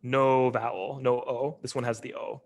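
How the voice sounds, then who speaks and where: A man giving an informal linguistics lecture over a video call, talking in a relaxed, conversational way with many ums and uhs. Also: medium pitch, moderate pace.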